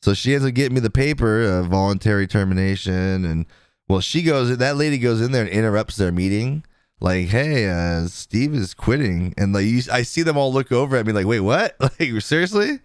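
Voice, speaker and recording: A man in his thirties with a low, smooth voice, recorded dry and close. He rambles through a personal story as a podcast co-host, chuckling every few lines. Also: expressive, a little fast, no room sound. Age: 30s. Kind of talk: casual chat.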